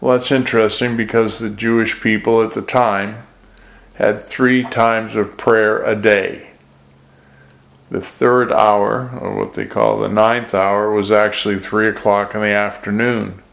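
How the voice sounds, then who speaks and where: A man preaching a sermon, reading scripture aloud and then explaining it in a measured way with gentle self-deprecating asides. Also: fairly low pitch, level tone, gravelly.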